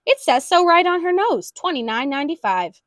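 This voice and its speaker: A woman's voice: high-pitched, sing-song, normal speed, no echo, studio quality. A woman voicing a pushy, matter-of-fact male cashier. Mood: insistent.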